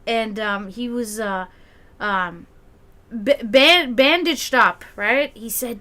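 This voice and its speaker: A woman's voice: on the high side, a little slow. A woman telling a long family story in a casual way, acting out the people she quotes and laughing often. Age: adult, grew up with a brother. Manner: animated, acts out quoted voices, laughs often, profanity. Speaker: community gathering host.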